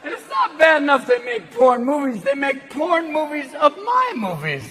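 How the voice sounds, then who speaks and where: A man performing manic, rapid-fire stand-up comedy. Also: very high voice, sing-song, pushed and bright, a faint crowd. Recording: noisy live stand-up venue.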